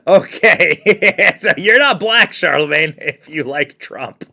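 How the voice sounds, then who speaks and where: A male commentator runs a reaction show and mocks each clip, laughing as he goes. His voice sits fairly high and sounds bright. His pitch swings widely from line to line. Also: takes it slowly, creaky. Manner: mocking, animated, laughs often. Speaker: political commentary host.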